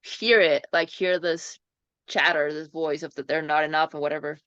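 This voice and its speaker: A woman host who keeps asking curious, probing follow-up questions in a relaxed chat. Her low-set voice comes through a dull, slightly lo-fi line with no room sound at all. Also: fairly quick, clear, resonant tone, no echo. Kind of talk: casual interview conversation. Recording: dull dry lo-fi audio.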